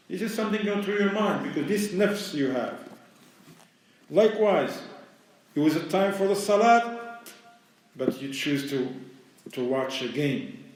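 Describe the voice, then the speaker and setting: A man's voice: sits high, slight background noise. A man giving a conversational religious lecture in plain, explanatory speech, speaking English with non-native grammar. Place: mosque lecture room. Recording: very echoey hall, mic far away.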